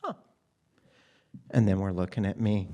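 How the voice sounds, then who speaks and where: A man speaks in a fairly low voice, recounting his own life in a candid, wry manner. He tells it as live storytelling and grows animated in places. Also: a little slow.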